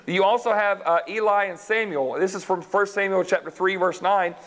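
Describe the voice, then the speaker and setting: A man teaching a Bible study class, retelling stories in a lively way and speaking directly to the group. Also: high voice, fairly quick, few pauses, poor audio. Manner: lively storytelling, acts out characters, talks to class directly.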